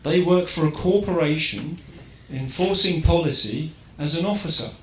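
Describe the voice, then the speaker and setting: A fairly high-pitched English man talks at normal speed to a live audience in an event hall, the recording echoey with faint ambience. The public speaker keeps his tone conversational, using rhetorical questions and often asking "right?"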